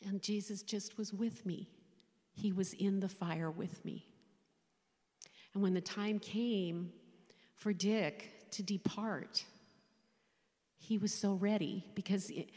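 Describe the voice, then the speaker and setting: A woman in her sixties, a chaplain, giving an emotional personal faith testimony, speaking haltingly and often dropping to a whisper. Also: mid-range voice, darkish tone. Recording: long hall reverb.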